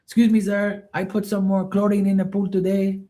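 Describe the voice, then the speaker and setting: A man's voice: high-pitched, fairly quick, dark tone, voice pushed up, close to an everyday voice. A man doing an endlessly polite pool guy. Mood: deferential. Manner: repeats "sir" constantly. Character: polite deferential male pool worker.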